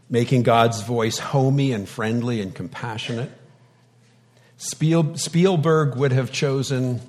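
A man preaching a sermon in a conversational way, with light humor, dramatic pauses and wide swings in loudness. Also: mid-range voice, big-room sound.

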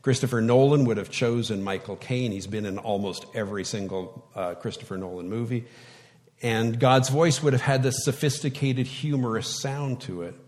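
A male pastor preaching a sermon in a slow, reflective way, with sudden loud words for emphasis. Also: medium pitch. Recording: long hall reverb.

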